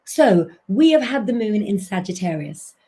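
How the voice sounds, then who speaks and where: A woman's voice: medium pitch, sing-song, normal speed, warm tone. A woman hosting a live stream as an astrologer and tarot reader, talking chattily to her viewers and calling them "guys".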